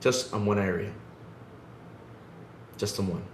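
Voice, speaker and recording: A man's voice: on the low side, takes it slowly. A man co-hosting a podcast, giving casual gaming commentary in an emphatic, ranting way that repeats his points. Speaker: podcast co-host. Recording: echoey room with faint background noise.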